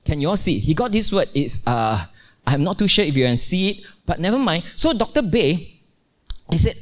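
A middle-aged man preaching a sermon in a church, telling a family story with playful humor and lively exclamations. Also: normal speed. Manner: animated storytelling, playful, exclaims with rising pitch. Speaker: pastor. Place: church, also streamed online.

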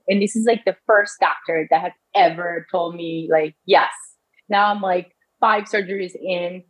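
A woman's voice: mid-range voice, steady tone, measured pace, highs cut off. A woman in her thirties telling her own medical story in casual talk, often restarting and quoting doctors in her own voice. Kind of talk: personal storytelling.

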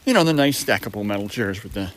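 A man's voice: fairly low pitch, lively intonation, quick pace, slight background noise, poor audio. A middle-aged man hosting a casual solo podcast, chatty and full of wry asides and puns. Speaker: podcast host.

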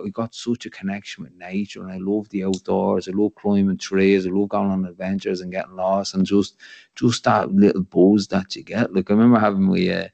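A man with a Dublin accent, hosting a podcast in relaxed, reflective talk that rambles and keeps checking in with "you know what I mean.". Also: fairly low pitch, vocal fry, no echo, muffled recording. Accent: Irish, Dublin. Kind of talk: casual podcast conversation.

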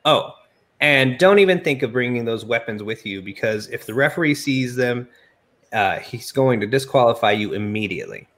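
A man's voice: mid-range voice, lively intonation, moderate pace, a bit bright, natural voice. A man playing a bossy male wrestling executive who blusters with authority. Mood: blustering.

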